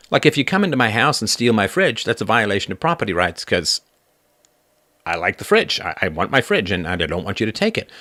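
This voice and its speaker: Male host, low-pitched and dry, lively argumentative livestream talk. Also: no echo. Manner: animated, argumentative, acts out quoted voices. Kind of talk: casual philosophical monologue.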